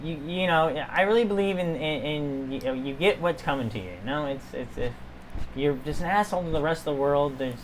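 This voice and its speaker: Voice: mid-range voice, a little fast, a little hiss or hum, voice pushed down, close to an everyday voice, poor audio. A game master voicing a strict, big-sisterly woman who scolds and lectures. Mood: earnest.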